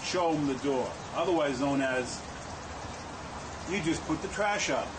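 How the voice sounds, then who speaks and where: A man's voice: on the high side, lively intonation, measured pace. A man giving preachy, folksy advice in a monologue clip. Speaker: advice video speaker. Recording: distant mic with clear background noise.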